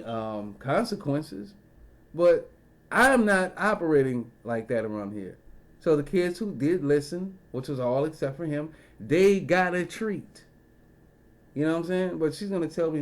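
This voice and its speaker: A man's voice: a little high, darkish tone. A man in a casual storytelling rant, profane and rambling, full of fillers and side remarks. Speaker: vlogger.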